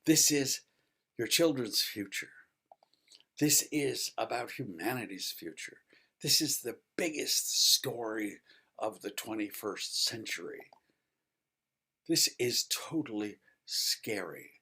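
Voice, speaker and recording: A man's voice: lowish voice, lively intonation, slow, pushed and bright, slightly rough. A man giving an urgent climate advocacy talk, listing demands in an emphatic, insistent way. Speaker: climate activist speaker.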